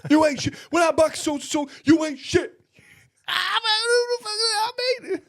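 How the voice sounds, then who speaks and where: A man voicing an elderly boxing trainer who rants and shouts at his son, stumbling over his words. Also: extremely high pitch, animated, unhurried, gravelly, no echo, clean studio sound, pitched above the performer's own voice, full character voice. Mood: furious.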